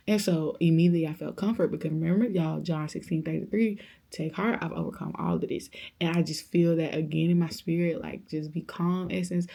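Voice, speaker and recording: A young woman vlogger telling a personal story in a casual chat, lively and dramatic as she acts out the quoted voices of others. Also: deep voice, brisk, vocal fry. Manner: faith-filled, speaks of God, conversational.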